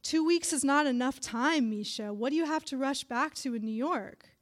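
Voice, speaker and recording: A woman's voice: sits high, normal speed, natural voice. Woman doing a nagging old grandmother, raised voice, emphatic broken english, read-aloud story. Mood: insistent. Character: elderly immigrant grandmother, nagging and dramatic.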